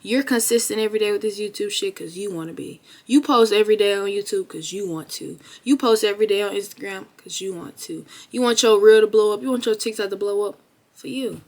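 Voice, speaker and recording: A young woman vlogger giving a blunt, profane motivational talk straight to the camera, with emphatic, animated delivery that rises to loud bursts. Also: medium pitch, brisk.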